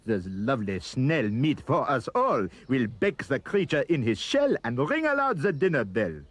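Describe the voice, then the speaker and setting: A man voicing a greedy crowd of townsfolk shouting excitedly about a feast. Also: fairly high pitch, a little slow, slightly rough, no echo, voice pushed up, full character voice. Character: greedy shouting French townsfolk, male mob.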